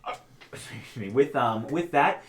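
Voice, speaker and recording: A man's voice: medium pitch, lively intonation, unhurried, reverberant. A man running a tabletop game as game master, narrating the scene and laughing through hiccups.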